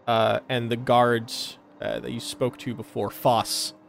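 A man narrating a tabletop game as game master, describing scenes haltingly with many fillers. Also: mid-range voice, flat delivery, gravelly, slight background noise.

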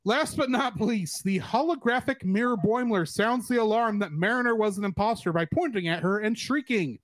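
A man's voice: high voice, moderate pace, dry recording. A man hosting a casual podcast chat, explaining references and recapping scenes. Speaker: podcast host.

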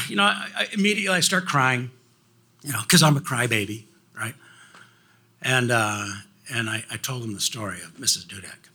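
Husky man telling a personal story. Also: mid-range voice, bright, forceful tone. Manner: halting, repeats words, acts out quoted voices. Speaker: guest speaker.

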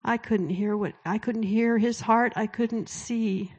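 A woman giving a sermon-style testimony, telling a story in a conversational way and dropping to a hushed whisper for quoted words. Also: fairly high pitch, fairly even intonation, unhurried, breathy edge, highs cut off. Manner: storytelling, drops to a hushed whisper when quoting God. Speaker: speaker at a Christian event.

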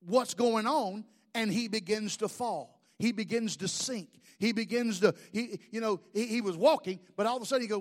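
A man in his fifties, a pastor preaching an animated sermon full of rhetorical questions. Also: high voice.

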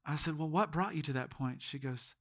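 A man preaching a sermon in a church as pastor, telling stories and swinging from hushed tones to shouts. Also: a little high, a little fast.

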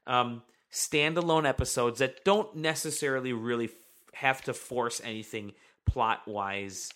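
Man, podcast host, bright voice, rambling casual chat. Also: mid-range voice, unhurried. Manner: rambling, reads listener comments aloud.

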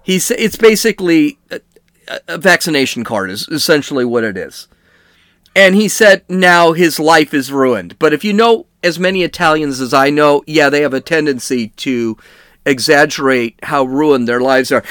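A man's voice: on the high side, animated, moderate pace, fairly bright tone, no echo, studio quality. A middle-aged man hosting a podcast, reading news stories and riffing on them with wry, sarcastic asides. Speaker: podcast host. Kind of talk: comedic news commentary.

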